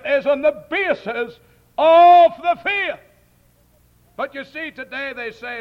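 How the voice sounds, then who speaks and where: Fiery high-voiced preacher. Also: male voice, takes it slowly, pauses often. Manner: impassioned, mocking, bursts into shouts. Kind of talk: fiery sermon. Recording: dull lo-fi old recording.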